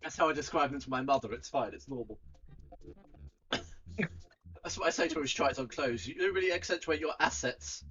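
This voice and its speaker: A man's voice: mid-range voice, fairly quick, pauses often, bright, forceful tone. A man running a tabletop game as game master, chatting casually and teasing his players, in muffled online-call audio. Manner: laughs a lot, teasing.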